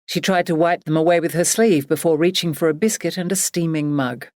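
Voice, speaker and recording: Female audiobook narrator, low-pitched, steady storytelling, dry close sound. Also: dry recording. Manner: measured, even storytelling.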